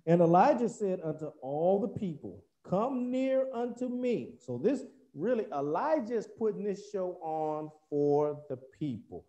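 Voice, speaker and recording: A man's voice: fairly high pitch, lively intonation, a little slow, hardly any pauses, mellow, highs cut off. A man preaching a sermon, reading scripture and explaining it in a conversational, folksy way. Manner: conversational, folksy asides, restarts while explaining.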